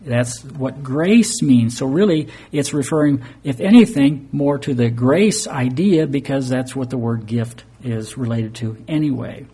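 A man's voice: medium pitch, unhurried, hardly any pauses, mellow, husky. A man preaching an earnest, explanatory sermon, sometimes stumbling into fillers and restarts. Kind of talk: sermon teaching.

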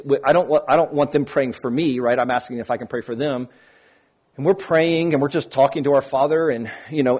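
Husky-voiced man giving a casual teaching talk. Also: mid-range voice, darkish tone. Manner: conversational, restarts often, acts out quoted dialogue. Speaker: Christian apologetics speaker.

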